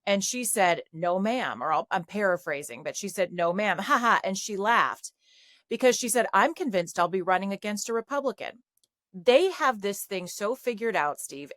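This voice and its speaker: A woman guest on a political talk show, giving commentary in an animated, mocking way. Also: medium pitch, no echo, clean studio sound.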